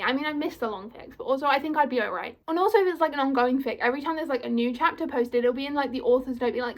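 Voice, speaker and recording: Young woman, high voice, gushing vlog chat, constant "like" fillers. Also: fast, hardly any pauses. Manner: gushing, filler-heavy, full of "like". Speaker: vlogger.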